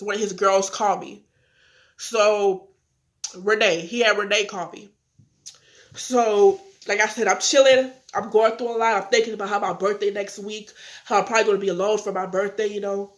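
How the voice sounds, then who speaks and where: An eighteen-year-old woman speaks to her viewers in a casual confessional vlog, candid and earnest. She sounds upset but keeps herself from crying as she talks. Her voice sits at a middle pitch. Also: a bit bright. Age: young adult. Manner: talks directly to viewers, acts out phone calls. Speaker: vlogger.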